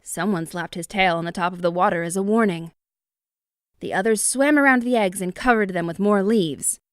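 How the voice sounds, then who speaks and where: A woman's voice: mid-range voice, normal speed, smooth, no room sound, clean studio sound. A woman narrating a children's picture book expressively. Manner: expressive, lively. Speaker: storybook narrator. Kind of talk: children's story reading.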